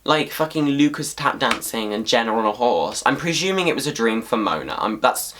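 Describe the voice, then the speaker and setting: A man ranting casually to camera as a vlogger, swearing freely in an animated, exasperated way. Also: mid-range voice, brisk, slight background noise.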